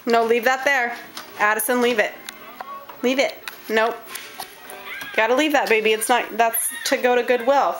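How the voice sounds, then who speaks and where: A woman's voice: fairly high pitch, steady tone, moderate pace, pauses often, fairly bright tone, soft background music, poor audio. A woman talking to her baby in a home video, coaxing and cheering in a sing-song voice. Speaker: parent playing with her baby.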